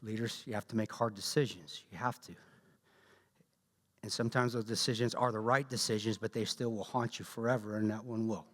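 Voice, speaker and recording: Guest speaker, male, Southern drawl; animated, blunt storyteller with jokes, long church-hall reverb. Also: fairly low pitch, brisk. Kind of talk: storytelling talk to a church audience.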